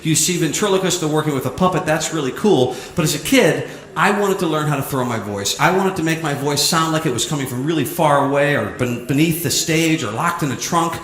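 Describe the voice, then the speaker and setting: A man's voice: a little high, a little fast, fairly bright tone. A man performing a stand-up ventriloquism act on stage, playful and jokey, chatting with a volunteer from the audience. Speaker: ventriloquist comedian. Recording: roomy live venue with crowd.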